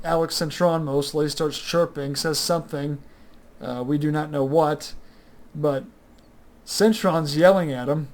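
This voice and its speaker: A young man with a somewhat higher-than-usual voice runs through a sports recap on his own. He talks loosely and off the cuff, trailing into fillers and restarting his sentences as he goes. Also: a little mellow. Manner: rambling, many fillers like "sort of" and "uh". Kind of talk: casual solo sports commentary.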